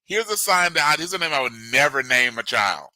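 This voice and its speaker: A man's voice: fairly high pitch, sing-song, a little fast, bright, forceful tone, no room sound. A man hosting a casual online show, teasing his co-host with playful jokes. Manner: joking, playful banter. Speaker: podcast host. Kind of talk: casual chat.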